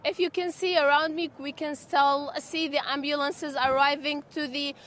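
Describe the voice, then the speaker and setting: A woman reporting live from outside a hospital, urgent and halting, with many fillers. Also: high-pitched, level tone, a bit bright. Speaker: field reporter. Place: outdoors at a hospital.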